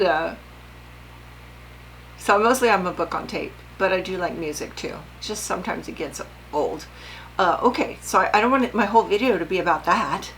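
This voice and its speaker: A woman's voice: lowish voice, fairly bright tone, a little hiss or hum, poor audio. An older woman vlogging casually about her sewing, chatty and rambling, often asking her viewers questions.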